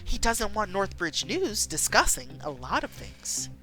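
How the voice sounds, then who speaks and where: Woman voices a crisp, pointed TV anchor with a raised pitch and lively swing. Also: measured pace, soft background music. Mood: probing. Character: sharp, probing female TV news anchor.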